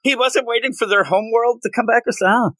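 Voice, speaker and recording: A man's voice: very high voice, very fast, no echo. A man co-hosting a comics podcast, chatting casually and joking, sometimes putting on silly voices. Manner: animated, jokey, puts on silly voices while riffing. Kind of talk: casual chat.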